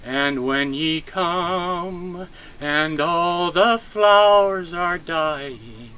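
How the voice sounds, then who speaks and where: A man sings a slow, tender ballad at an outdoor graveside. His voice sits high and rings bright, and he draws every phrase out at a very unhurried pace. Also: a little hiss or hum. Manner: tender, drawn-out singing. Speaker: funeral singer.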